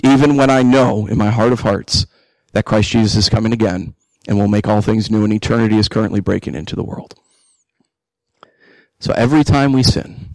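A male pastor preaching a sermon, animated, acting out the inner voices of believers. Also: fairly low pitch, fairly quick, dry recording, low-quality recording. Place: church.

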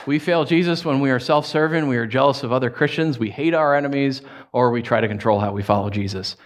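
A man in his thirties preaching a sermon as pastor, animated and joking as he tells stories. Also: medium pitch, fast. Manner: animated, jokey storytelling with laughs.

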